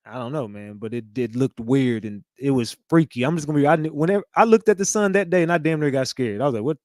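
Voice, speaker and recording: A man hosting a casual reaction commentary, excitable and profane, calling out to viewers as y'all. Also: mid-range voice, quick pace, no echo, clean studio sound. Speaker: host reacting to clips.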